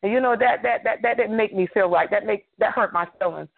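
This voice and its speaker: Over a tinny phone line, an older woman preacher delivers a fervent sermon in a brisk, mid-range voice with vocal fry. She drives her points home through emphatic repetition.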